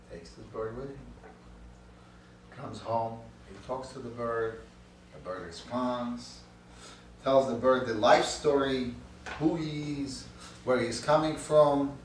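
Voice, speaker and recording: Male instructor, storytelling, halting phrases, echoey classroom, distant mic, faint hiss. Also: medium pitch. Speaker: course instructor. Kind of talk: teaching a class with a parable. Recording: echoey room, mic far off, faint noise.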